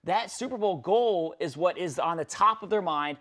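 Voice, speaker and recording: A man's voice: sits high, animated, normal speed, a bit bright. A man giving eager, emphatic opinions as a reporter on a studio sports panel. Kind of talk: casual panel chat.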